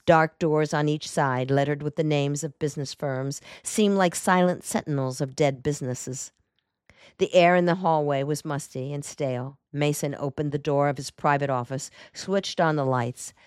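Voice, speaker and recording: A woman reading a detective novel aloud in a measured, even storytelling manner. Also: deep voice, smooth, no room sound, clean studio sound. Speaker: audiobook narrator. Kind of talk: scripted narration.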